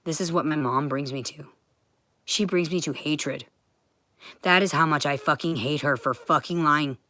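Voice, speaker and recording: A woman's voice: sits low, moderate pace, bright, forceful tone, no room sound, studio quality. A woman ranting to her livestream viewers from home, swearing constantly. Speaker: vlogger.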